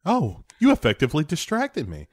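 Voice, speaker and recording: A man's voice: on the high side, wildly swooping pitch, fairly quick, no room sound, studio quality. A man co-hosting a podcast, wisecracking through a movie recap. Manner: wisecracking, mocking impressions. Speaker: podcast co-host. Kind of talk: casual comedic movie recap.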